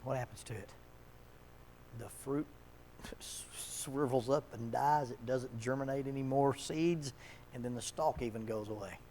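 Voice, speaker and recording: A man leading an addiction seminar at a church, talking in a relaxed, conversational way, telling stories and chuckling often. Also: mid-range voice, a little slow, a little hiss or hum. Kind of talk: casual seminar talk.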